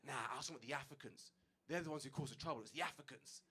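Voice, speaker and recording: Guy doing a loud blunt cab driver, jumps way up high then mumbles. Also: expressive, a little fast, a little hiss or hum, full character voice. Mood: gushing. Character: blunt middle-aged male taxi driver.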